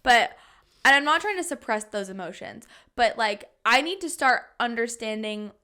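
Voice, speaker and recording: A woman's voice: fairly high pitch, expressive, normal speed, sharp tone. A woman in her twenties co-hosting a podcast, talking candidly and laughing often in casual chat. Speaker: podcast co-host.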